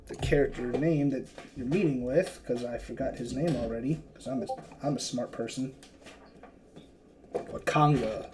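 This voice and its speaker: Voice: mid-range voice, background noise. A game master narrating a tabletop game in a loose, chatty way with self-mocking asides.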